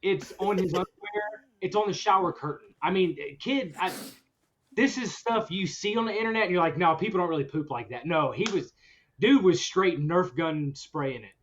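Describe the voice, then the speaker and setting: A high-voiced man telling a story on a podcast, animated and laughing through it. The sound is dull and lo-fi. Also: moderate pace. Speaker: podcast host. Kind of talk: casual storytelling chat. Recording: dull lo-fi recording.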